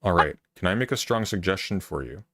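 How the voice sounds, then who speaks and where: Brief: very low male voice, dry sound, measured, firm delivery. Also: no echo. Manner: calm, measured, firm and lecturing. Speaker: interviewer.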